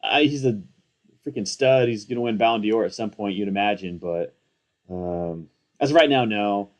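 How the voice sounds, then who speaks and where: A man's voice: on the low side, moderate pace. Hyped-up young guy rambling casually. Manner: excitable, rambling, slangy, self-mocking. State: hyped up on coffee. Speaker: fantasy football content creator. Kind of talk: casual live commentary.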